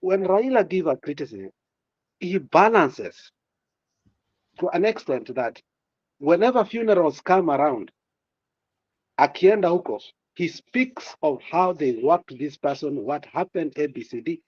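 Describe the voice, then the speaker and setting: A man's voice: a little high, animated, a little slow, slightly rough, no room sound, dull audio. A man giving political commentary in a passionate way, repeating words and using many fillers. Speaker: guest commentator.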